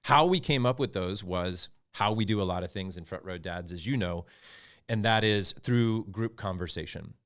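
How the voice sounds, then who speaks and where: A middle-aged man speaking as a podcast guest, talking candidly and reflectively about fatherhood and getting animated as he recounts stories. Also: low-pitched, moderate pace. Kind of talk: candid conversational storytelling.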